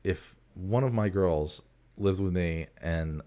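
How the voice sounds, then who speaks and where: Host, male, 40s, very low voice, loose profane rambling monologue, digressive. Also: slow, warm tone.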